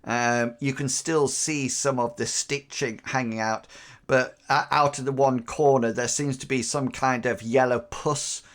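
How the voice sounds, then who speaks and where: A man running a tabletop game, describing the scene at an unhurried pace. His phrasing is halting and full of fillers. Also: medium pitch, steady tone, fairly bright tone. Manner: hesitant, many fillers. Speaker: game master.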